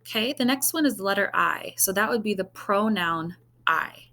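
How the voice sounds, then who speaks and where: A woman's voice: mid-range voice, expressive, normal speed, bright, forceful tone. A woman teacher walks her class through a recorded online lesson. She is patient and goes step by step, checking in with "okay?" again and again.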